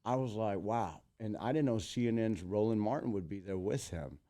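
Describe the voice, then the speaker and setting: A man in his thirties tells stories as a guest in a casual interview, animated and fond of acting out what people said. His voice sits low, with a dark, mellow tone. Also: a little fast. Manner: animated, acts out quotes in big voices. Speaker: guest, entertainer.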